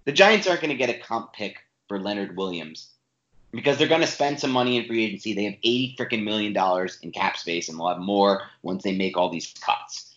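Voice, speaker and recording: A man's voice: on the low side, brisk, fairly bright tone, echoey room. A man co-hosting a sports podcast, ranting emphatically and with frustration in casual talk. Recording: dull lo-fi audio.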